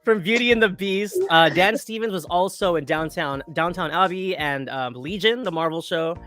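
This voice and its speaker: A man's voice: high-pitched, moderate pace, fairly bright tone, soft background music. A man hosting a casual news chat, often stammering on restarts, wry. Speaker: podcast host.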